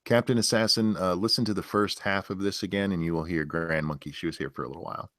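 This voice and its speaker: A man's voice: low-pitched, steady tone, fast, fairly bright tone, no room sound, studio quality. A man in a casual online chat, joking crudely and openly.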